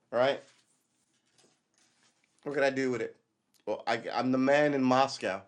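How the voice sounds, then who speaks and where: Male livestream host, mid-pitched, loose sarcastic rant with cursing, casual monologue. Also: a little slow, pauses often. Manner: rambling, profane, sarcastic.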